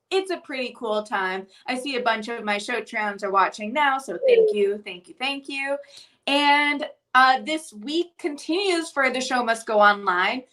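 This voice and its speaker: A woman's voice: a little high, bright, forceful tone. A woman hosting an online interview show, upbeat as she thanks viewers and plugs the show. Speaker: host. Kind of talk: casual interview chat.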